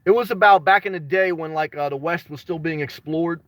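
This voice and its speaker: A high-pitched male streamer chats through his live feed at a fairly quick pace, naming viewers and drifting into offhand tales, sometimes erupting in an excited shout. His audio is close and dry, with no room sound around it.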